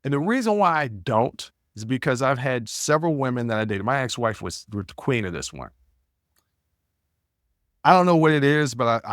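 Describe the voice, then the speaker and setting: Podcast guy just talking, blunt, doubles up words, middle pitch, dry no-room sound. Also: a bit bright, no echo. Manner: blunt, repeats words while thinking. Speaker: podcast host. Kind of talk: casual storytelling monologue.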